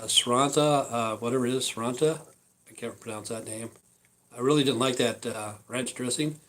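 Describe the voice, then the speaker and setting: A man's voice: mid-range voice, poor audio. Rambling man chatting over lunch. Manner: rambling, with many fillers and asides. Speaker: vlogger. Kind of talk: casual live-stream talk.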